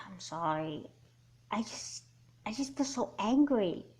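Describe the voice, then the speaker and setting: A woman voicing an angry, hurt teenage girl in a doll movie, talking in a halting, sighing way. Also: mid-range voice, animated, darkish tone. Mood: resentful.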